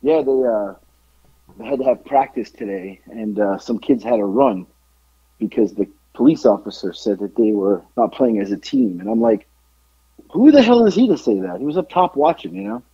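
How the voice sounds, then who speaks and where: A man's voice: lowish voice, moderate pace, mellow, slightly rough, no room sound, muffled recording. A man co-hosting a podcast, telling a story in a rambling, casual way full of "like" and swearing. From south side of Atlanta. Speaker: podcast co-host.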